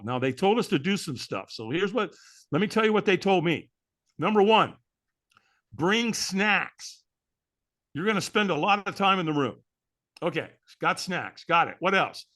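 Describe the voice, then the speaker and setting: A man's voice: sits high, expressive, moderate pace, fairly bright tone. A middle-aged man, a guest in an interview, telling a story animatedly and acting out the dialogue. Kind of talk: storytelling in a conversation.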